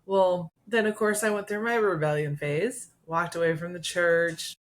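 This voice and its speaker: A middle-aged woman co-hosting a podcast, sharing her personal testimony in a casual, conversational way with fillers and soft laughs. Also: lowish voice, fairly even intonation, normal speed. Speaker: podcast co-host.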